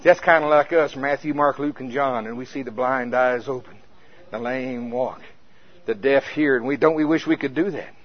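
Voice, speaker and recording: A pastor telling a folksy story in a conversational sermon, with a casual manner. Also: male voice, mid-range voice, normal speed. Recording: muffled lo-fi recording.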